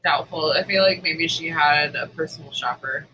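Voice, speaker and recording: Woman co-hosting a chatty podcast, bright voice, acts out everyone in her stories. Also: deep voice, normal speed, distant mic, slight background noise, low-quality recording. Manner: animated storytelling, acting out customers' voices. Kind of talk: casual chat.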